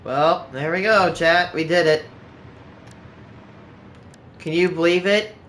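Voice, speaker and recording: This man speaks slowly in a voice that's a little high and a bit bright, with slight background noise in the recording. He's casually chatting on stream as he games, rambling with frequent "like"s and restarts, over clear background music.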